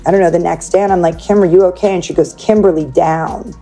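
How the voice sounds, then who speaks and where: Mellow-voiced woman telling a story. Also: fairly low pitch, steady tone, very fast, faint music behind. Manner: chatty, peppered with "like", acts out quoted speech. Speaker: interview guest. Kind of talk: casual storytelling in an interview.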